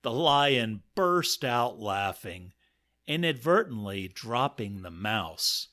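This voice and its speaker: Male podcast narrator, unhurried, lively ups and downs, dry comic reading. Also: on the low side.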